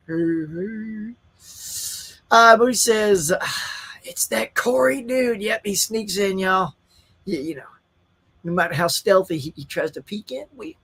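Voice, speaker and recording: A man's voice: high voice, a bit bright. A man, hosting a live stream in casual, upbeat chat and reading viewer comments aloud. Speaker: livestream host.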